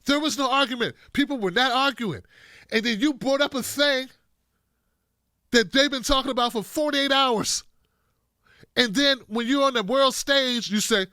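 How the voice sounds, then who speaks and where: A man's voice: extremely high pitch, normal speed, pauses often, bright, forceful tone, no echo, clean studio sound. A man giving blunt, profane political commentary, speaking straight to his viewers with heavy emphasis.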